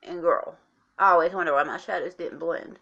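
A woman's voice: on the low side, a little fast, bright, forceful tone, muffled recording. A woman chatting through a casual makeup tutorial, talking straight to her viewers and explaining each step. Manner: chatty, instructive, addresses viewers as guys. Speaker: makeup vlogger.

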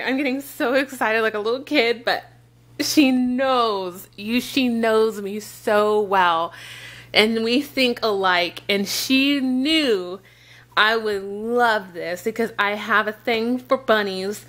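A young woman gushing over gifts in an excited unboxing vlog, gasping and repeating exclamations of delight. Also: on the high side, slow.

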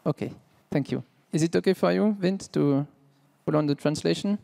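A fairly high-voiced man, a native French speaker, moderates a panel in a big conference hall, passing the floor with short polite phrases. A long hall reverb trails his voice. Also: moderate pace, gravelly, warm tone. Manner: brief, polite hand-offs.

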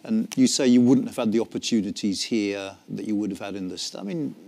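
A man's voice: on the low side, brisk, creaky, mellow. A man hosting an interview, asking probing questions with restarts. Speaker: host and interviewer. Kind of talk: conversational interview.

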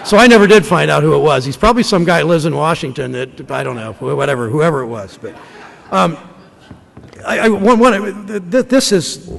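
A man in his fifties from Ohio, a senator giving a speech to a conference audience, telling stories in a folksy way with halting restarts. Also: fairly high pitch, animated, fairly bright tone. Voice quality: gravelly voice. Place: large conference room. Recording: long hall reverb.

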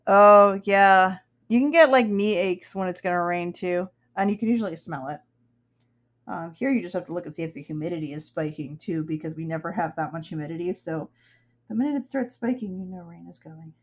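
Her voice is on the low side, a little mellow, and fairly quick, captured in lo-fi sound. She's a young artist from upstate New York, USA, streaming her work and chatting casually as she draws, rambling with frequent laughter.

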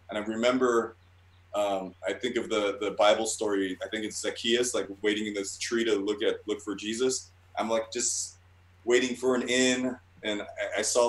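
A man with a lowish voice appears as a guest artist in a laid-back interview, telling stories in a rambling, profane way and tripping over his words as he restarts. The recording is rough and echoey.

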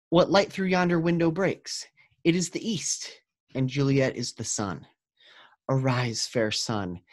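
A man voicing a lovestruck young nobleman, reading the verse in an earnest, measured way in his own voice. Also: mid-range voice, close to an everyday voice.

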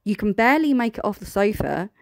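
A woman's voice: mid-range voice, big pitch swings, fast, no room sound. A British woman giving blunt, sarcastic reaction commentary as host.

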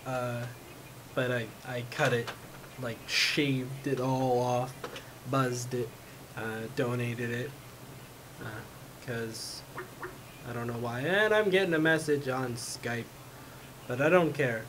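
At home with his cat, a man records a casual vlog, rambling in frustration with plenty of fillers and saying his voice is going. His medium-pitched voice stays fairly even, moving slowly with frequent pauses. The home recording is noisy.

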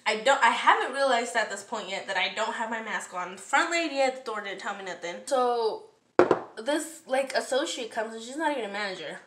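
A woman's voice: fairly high pitch, fairly quick, reverberant, distant mic, very noisy. A woman vlogger telling a story in a casual, exasperated rant full of swearing, talking in her kitchen. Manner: heavy profanity, animated, exasperated. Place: home kitchen, cooking.

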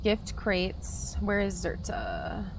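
A woman's voice: medium pitch, huge pitch swings, takes it slowly, noisy background. A woman streaming a game, chatting casually and talking to her viewers by name. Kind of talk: casual live-stream chat while gaming.

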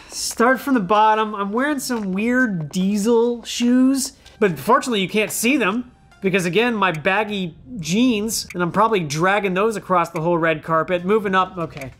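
Self-mocking man joking over soft music. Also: high-pitched, moderate pace. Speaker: former child actor reviewing his old outfits. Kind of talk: casual vlog commentary.

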